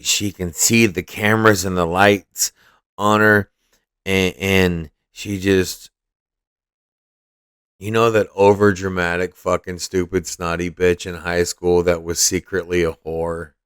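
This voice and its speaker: A man's voice: sits low, little pitch movement, takes it slowly, a bit bright, clean tone, no room sound, clean studio sound. A man hosting a podcast, giving profane, mocking and combative political commentary. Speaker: podcast host.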